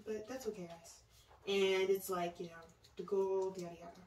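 A young woman showing off her birthday haul, gushing and trailing off softly at the ends of phrases. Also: medium pitch, fairly even intonation, moderate pace. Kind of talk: casual haul vlog. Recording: roomy, mic distant, faint noise.

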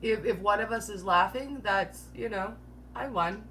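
A woman hosting a live keto Q&A chats in a mid-range, a bit bright voice at moderate pace, with slight background noise. Rambling and playfully teasing, she giggles at her own humor and peppers every line with "like."

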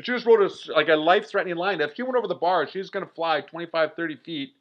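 Brief: high-voiced middle-aged Canadian man, energetic podcast guest acting out his stories, muffled lo-fi sound. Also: fast talker. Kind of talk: excited storytelling.

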